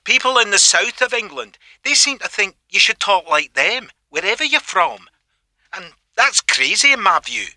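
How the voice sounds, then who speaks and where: A man's voice: high voice, very animated, moderate pace, bright, forceful tone, no echo. A man with a Scottish accent calling in to a radio show, outspoken and opinionated. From Scotland. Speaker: caller.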